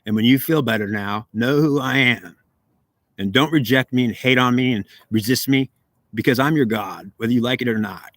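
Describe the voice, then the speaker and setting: A domineering male devil who claims to be god of this world, as a man puts him on. He talks in a threatening, insistent way and demands to be acknowledged. The voice sits at a middle pitch with a dry, close sound. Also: normal speed, fairly bright tone, no room sound, close to an everyday voice. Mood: bargaining.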